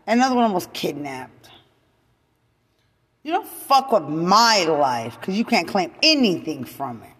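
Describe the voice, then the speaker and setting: A woman in an angry unscripted rant, profane and repetitive, swinging from loud outbursts to low muttering. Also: husky, long reverb tail. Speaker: mother venting to camera.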